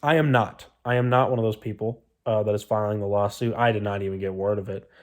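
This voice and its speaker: A man's voice: fairly low pitch, fairly even intonation, fast talker. Rambling young man swearing casually. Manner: rambling, swears a lot, self-deprecating. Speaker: vlogger. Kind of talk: casual storytelling vlog.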